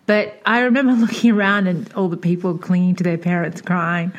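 A woman's voice: fairly low pitch, normal speed. A woman co-hosting a podcast in casual chat, laughing often and animating her quotes. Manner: chatty, laughs often, animated when quoting.

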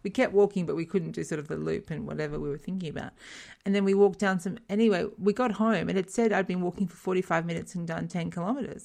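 A middle-aged woman co-hosting a casual chat, telling stories with frequent laughter and lively retold dialogue. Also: fairly low pitch, vocal fry. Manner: chatty, laughs often, retells dialogue animatedly. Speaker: podcast co-host.

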